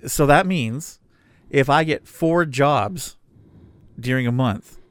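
A middle-aged man co-hosting a podcast in casual chat, animated and jokey. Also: mid-range voice, takes it slowly, clean tone, dry recording, clean studio sound. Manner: animated, jokey, laughs often. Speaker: podcast co-host, freelance voice talent.

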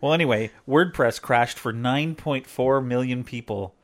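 A man's voice: medium pitch, measured pace. A middle-aged man co-hosting a podcast, chatting casually and teasing in a rambling, joking way. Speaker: podcast co-host. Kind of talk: casual chat.

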